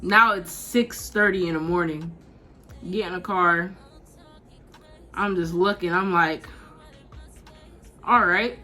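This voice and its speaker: A 19-year-old woman vlogger telling a casual, slangy storytime, animated and laughing as she goes. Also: on the low side, slow, pauses often, faint music behind.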